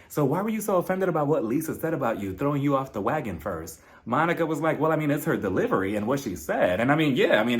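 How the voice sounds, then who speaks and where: Chatty gossiping man recapping reality TV. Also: medium pitch. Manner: chatty and gossipy, laughs while retelling, does mocking voices of cast members. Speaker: reality TV reviewer, channel host. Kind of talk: casual recap commentary.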